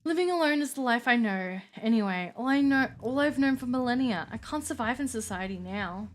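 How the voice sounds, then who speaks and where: A woman voicing a lonely ancient female vampire who speaks in a haughty, archaic, calmly menacing way. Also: a little high, a little fast, lightly acted.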